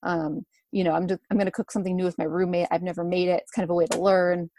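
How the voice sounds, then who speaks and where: A woman's voice: fairly low pitch, fast, slight background noise. Chatty young woman interview guest. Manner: relaxed and chatty, many fillers, laughs easily. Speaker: guest, runner and food blogger. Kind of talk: casual interview.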